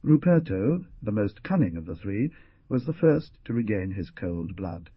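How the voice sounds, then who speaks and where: A man narrating a classic western novel in a dramatic, lively delivery. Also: low-pitched, breathy edge, dry recording, lo-fi sound. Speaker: audiobook narrator. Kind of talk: scripted narration.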